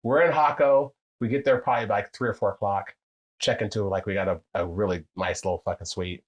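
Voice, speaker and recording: Husky-voiced man telling profane stories. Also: fairly quick, poor audio. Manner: animated, profane, acts out quotes with big pitch jumps. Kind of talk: casual storytelling chat.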